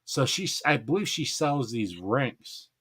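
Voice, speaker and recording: A man hosting a gardening live stream in casual chat, excitable, laughing often and stumbling over names. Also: mid-range voice, takes it slowly, slightly rough.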